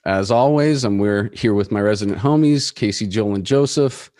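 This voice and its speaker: A man's voice: lowish voice, moderate pace, a little mellow, no room sound, studio quality. Laid-back male podcast host. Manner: laid-back, casual, swears. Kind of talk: casual chat.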